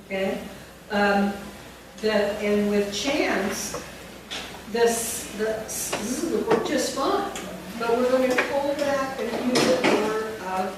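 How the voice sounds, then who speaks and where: A woman's voice: on the high side, slow. A woman leading a phonics teacher training workshop, demonstrating classroom instruction step by step. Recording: echoey room from far off with noise.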